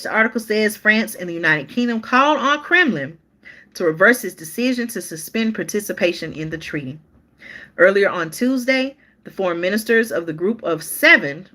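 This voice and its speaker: Bright-voiced woman hosting live news chat. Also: on the low side. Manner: chatty, talks straight to viewers, stops to restart and look things up. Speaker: live-stream news host. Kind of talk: casual live-stream news commentary, reading articles aloud.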